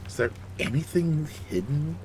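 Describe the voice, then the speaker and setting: A man's voice: on the high side, expressive, normal speed, a little mellow, faint music behind. A man streaming a computer game, chatting casually and thinking aloud.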